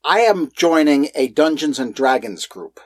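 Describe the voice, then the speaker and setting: A man's voice: fairly high pitch, sing-song, a little slow, music in the background. A man co-hosting a casual podcast, joking around and putting on mock announcer intros. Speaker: podcast co-host.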